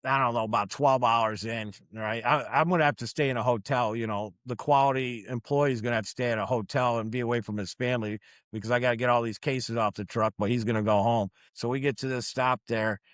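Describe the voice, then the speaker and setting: A man's voice: mid-range voice, steady tone, a little fast, a bit bright, no echo, clean studio sound. A man, a union truck driver from New York, telling blunt, profane work stories in casual podcast chat.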